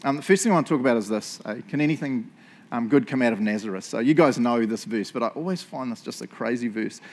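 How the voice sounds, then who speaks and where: Speaking fast in a medium-pitched, darkish voice, a New Zealand pastor delivers a church sermon. His tone is chatty and full of jokes, and he keeps tagging his lines with "eh?" and "right?"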